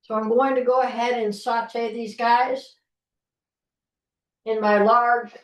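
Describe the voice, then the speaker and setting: A middle-aged woman with a fairly high voice teaches an online cooking class from her home kitchen. She chats in a folksy way and keeps restarting her sentences mid-thought as she chops. The video call picks her up from across a roomy kitchen, so she sounds distant and echoey. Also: level tone, takes it slowly. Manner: chatty, folksy, restarts often while demonstrating. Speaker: cooking instructor. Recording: roomy kitchen, mic far off.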